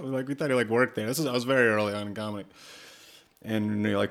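Deadpan low-voiced young man, swearing. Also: brisk, smooth. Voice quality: flat, deadpan voice. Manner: swearing, animated storytelling. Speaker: podcast host and comedian. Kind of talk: casual chat.

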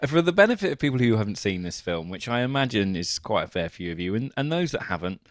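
A man co-hosting a podcast, giving wry deadpan film summaries in casual chat and laughing often. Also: on the low side, quick pace, dry recording, studio quality. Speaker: podcast co-host.

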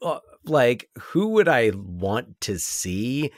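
A man talking films in a relaxed podcast chat, trailing into restarts and little fillers as he thinks out loud. His voice sits in a mid range, recorded close and dry with no room sound. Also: medium pitch, takes it slowly, no room sound. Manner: hesitant, many restarts and fillers. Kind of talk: casual film discussion.

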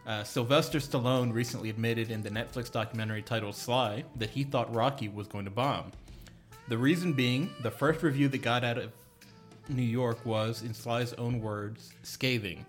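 A man's voice: medium pitch, moderate pace, soft background music. A man co-hosting a casual film podcast, telling a short anecdote in an easygoing, dry way. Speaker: podcast co-host.

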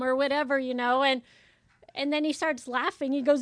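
A woman's voice: high voice, normal speed, dry recording. A woman chatting casually and venting about a coworker at her medical office, acting out conversations as she tells them. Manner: animated storytelling, acts out quoted voices.

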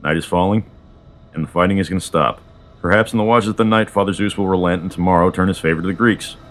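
A man reading the part of Athena, a patient, wise goddess, in a soothing, measured way. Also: low-pitched, a bit bright.

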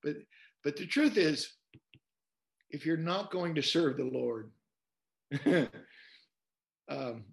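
A man's voice: fairly high pitch, slow pace, creaky, long pauses. A man, a pastor, speaking as an interview guest, talking in a conversational preaching way and quoting scripture as he tells stories. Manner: animated storyteller, repeats words while quoting scripture.

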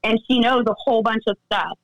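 A woman tells a personal story in an unhurried conversational interview. Her voice sits fairly high, and she slips into the voices of the people she quotes. The sound is dry and close, with no room around it. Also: no room sound, highs cut off. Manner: animated, acts out quoted dialogue. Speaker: guest, friend recounting events.

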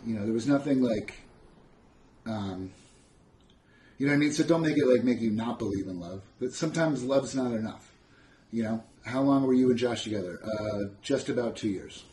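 A man's voice: mid-range voice, moderate pace, warm tone. Blunt, sardonic man. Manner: sardonic, blunt, swears freely. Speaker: podcast host answering live chat questions. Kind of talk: casual live-stream Q&A.

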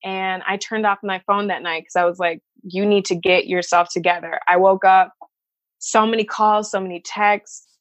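A woman's voice: medium pitch, fairly even intonation, moderate pace, no echo. A woman from the Chicago suburbs telling a personal story to an interviewer, candid and emotional, swearing freely and acting out the voices of people she quotes. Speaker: interview guest.

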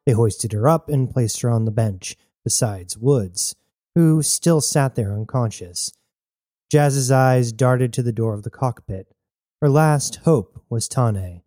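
A man narrating an audiobook in measured, deliberate phrases with pauses. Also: mid-range voice, dark tone, no room sound, studio quality.

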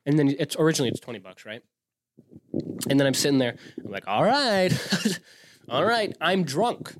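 Excitable young man from Wisconsin. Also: fairly high pitch. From Wisconsin, US Midwest. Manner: excitable, profane, rambling with restarts. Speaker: host. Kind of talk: casual storytelling monologue.

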